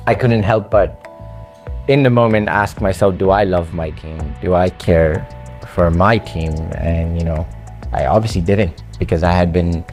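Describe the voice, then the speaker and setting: A man with an accent telling his story to a coach in an earnest, halting conversational way, with frequent fillers. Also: low voice, darkish tone, soft background music. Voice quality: speaks with an accent. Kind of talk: casual conversation.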